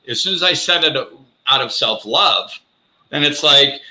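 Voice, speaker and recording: A man with a very bright, forward voice, talking in a casual, animated way as the host of a live show. He acts out bits of dialogue and laughs at himself. The sound is echoey, as if recorded in a hard room. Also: mid-range voice, a little slow. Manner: animated, self-mocking, acts out quotes.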